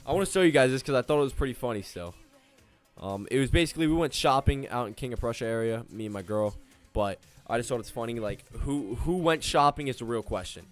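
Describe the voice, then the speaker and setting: A man's voice: mid-range voice, expressive, quick pace, soft background music. A young man chatting casually with viewers on a live stream about trading and his weekend, joking and talking straight to them. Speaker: livestreaming day trader.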